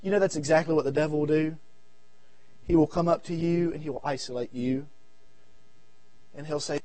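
A man with a Southern American accent preaching a revival sermon, swinging from shouted appeals to low murmurs and repeating his phrases. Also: fairly even intonation, a little fast, long pauses, no echo. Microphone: audio recording of a church service.

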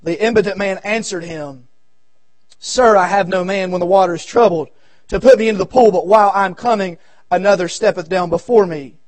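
A man with a very high-pitched voice and a Southern American accent preaches at a revival service. He swings from shouted appeals down to low, quiet asides, and he repeats his phrases as he builds. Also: a little fast, no room sound. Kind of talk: revival sermon. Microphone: audio recording of a church service.

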